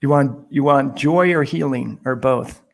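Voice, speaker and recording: A man's voice: mid-range voice, a little slow, gravelly. A man, a priest, chatting and telling stories on a podcast, laughing as he goes. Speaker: priest guest. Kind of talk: casual podcast storytelling. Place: Guatemala, on a remote call.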